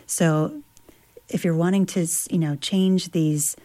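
Woman author, travel writer, reading her memoir then discussing it, reflective, slightly low voice. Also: steady tone, slow pace, dark tone. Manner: reflective, with many fillers and restarts.

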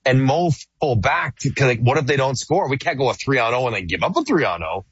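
A middle-aged man, a hockey broadcaster, chatting casually on sports radio, animated and laughing easily with rambling restarts. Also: medium pitch, brisk, husky, dry recording, muffled recording. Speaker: hockey play-by-play broadcaster guest.

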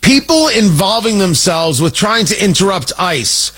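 A man's voice: high voice, big pitch swings, unhurried, fairly bright tone, slightly rough, low-quality recording. A man hosting a political commentary show, talking in an indignant, emphatic way with mocking asides. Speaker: talk show host.

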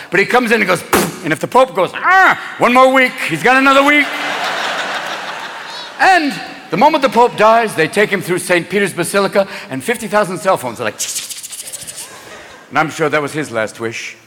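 A man performing a stand-up comedy set on stage, rapid-fire and switching into shouted silly voices. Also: sits high, very animated. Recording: live hall recording with crowd noise. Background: laughing audience.

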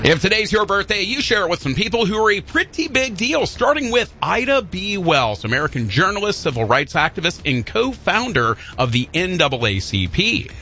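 A man's voice: sits high, sing-song, a little fast, hardly any pauses, bright, forceful tone, soft background music. A man co-hosting a casual radio show, reading a birthday list with jokes. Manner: jokey, reads birthday list with playful asides. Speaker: radio co-host.

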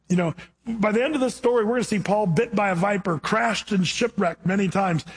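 A man preaching a sermon as pastor, animated and conversational, acting out quoted voices along the way. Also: high voice, husky.

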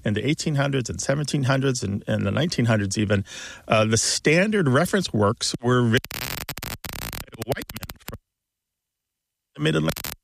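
A man co-hosting a call-in show on the radio, easygoing and talkative. He lays out his explanations at length and laughs now and then. His voice sits at an ordinary middle pitch. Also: expressive, moderate pace, creaky, pauses often, noisy background. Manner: chatty, explanatory, laughs easily.

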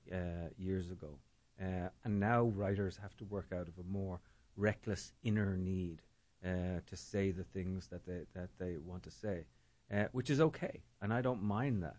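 An Irish man from Dublin speaks with a fairly low voice in a thoughtful interview. He circles his points with fillers, restarts and repeated words. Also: a little mellow. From Ireland. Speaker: guest, storytelling organizer. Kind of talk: reflective conversational interview.

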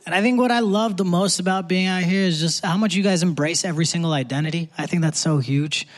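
A man's voice: high voice, fast. A young man performing a live stand-up comedy set on a theater stage, with punchy conversational delivery. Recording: live theater crowd and hall noise.

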